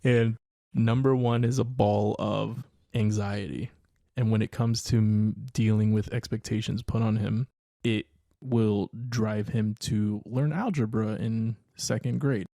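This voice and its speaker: A father and podcast co-host thinks out loud in casual chat, hedging and laughing easily. His tone is mellow and relaxed. The sound is dry and close to the mic. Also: on the low side, a little slow, gravelly, no echo.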